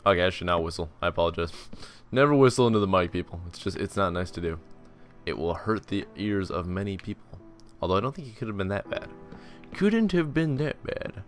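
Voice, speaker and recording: A young man talks through his building game in a loose, rambling way, poking fun at himself. He is tired and yawns now and then. His voice sits a little low. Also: quick pace, soft background music. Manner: rambling, self-deprecating, jokey asides. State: tired, yawning. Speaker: gaming channel host. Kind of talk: casual Let's Play commentary.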